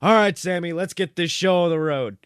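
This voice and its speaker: A man's voice: sits high, moderate pace, smooth, dry recording, studio quality, pitched above the performer's own voice, natural voice. A man voicing a small, hotheaded, foul-mouthed male corgi who barks between words. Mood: shaky.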